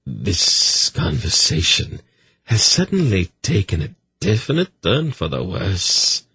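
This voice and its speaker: A soft-spoken eunuch assassin who threatens in a calm, polite hush, as a male audiobook narrator puts him on. The voice sits low and husky, unhurried and dry. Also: dry recording, exaggerated voice. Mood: quiet menace.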